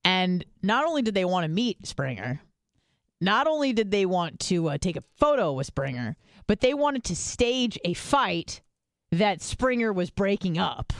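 A woman's voice: mid-range voice, big pitch swings, measured pace, dry recording, studio quality. A woman co-hosting a podcast, telling stories in casual chat and swearing freely. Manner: chatty storytelling, swears freely. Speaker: podcast co-host.

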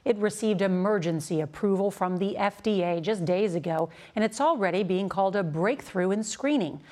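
A woman's voice: mid-range voice, moderate pace, darkish tone. Composed female news anchor. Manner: crisp, composed.

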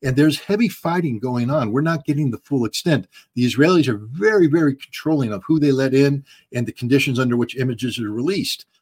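Guy answering interview questions, blunt, keeps stuttering on repeated words, normal pitch. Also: brisk, hardly any pauses, a little mellow, breathy edge. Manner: blunt, repeats words while searching for phrasing. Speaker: guest commentator.

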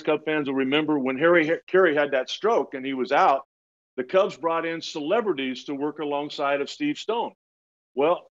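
A man in his sixties, a retired pitcher, telling lively stories in an interview, often laughing and restarting his words. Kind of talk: storytelling in casual interview. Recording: dull lo-fi sound.

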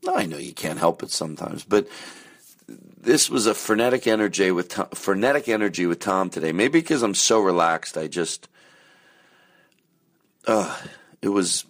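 A man's voice: deep voice, expressive, measured pace, pauses often. A man rambling chattily in a casual pre-show monologue, self-deprecating. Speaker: podcast host.

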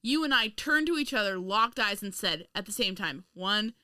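Lively sarcastic woman podcast co-host. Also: mid-range voice, no room sound, studio quality. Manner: sarcastic, quick, laughing often. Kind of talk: casual comedic chat.

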